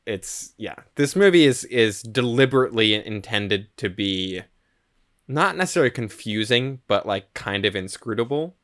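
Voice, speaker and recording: A man co-hosting a film history podcast, talking in a relaxed way full of "like" and "um". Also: lowish voice, moderate pace. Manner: relaxed, hedging with "like" and "um". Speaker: podcast co-host. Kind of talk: casual film history chat.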